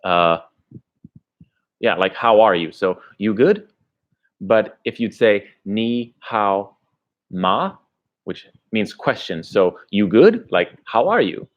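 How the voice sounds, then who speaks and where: Chatty travel vlogger guy, lowish voice, kinda dull lo-fi stream audio, rambles with lots of ums. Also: very animated, slow. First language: English. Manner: rambling, chatty, answers viewer questions. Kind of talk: casual livestream chat.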